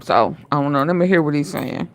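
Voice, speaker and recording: A woman's voice: sits low, expressive, brisk, noisy background. A woman hosting her own show, casually commenting on a trial and reacting to a clip, often hesitating and repeating words.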